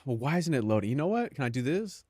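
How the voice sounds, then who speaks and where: A man's voice: medium pitch, big pitch swings, fast, a little mellow, slightly rough, dry recording, clean studio sound. A young man streaming live, chatting casually, joking and swearing, often laughing at his own bits.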